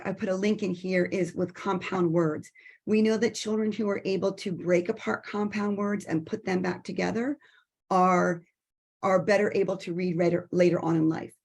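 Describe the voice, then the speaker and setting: A woman's voice: mid-range voice, a little mellow, husky. Woman educator, patient and explanatory, video call audio, sings short examples. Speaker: early literacy educator. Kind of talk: instructional talk over video call.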